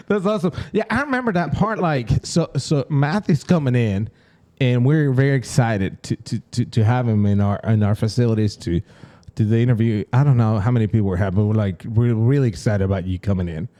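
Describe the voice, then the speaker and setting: A man's voice: mid-range voice, normal speed. A young man co-hosting a podcast in casual chat, laughing often as he tells stories. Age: young adult. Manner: laughs often, animated storyteller. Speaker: podcast co-host.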